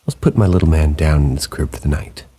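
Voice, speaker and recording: A man narrating submitted true ghost stories in a slow, hushed late-night storytelling manner. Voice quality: very deep gravelly voice. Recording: rain sounds behind the voice.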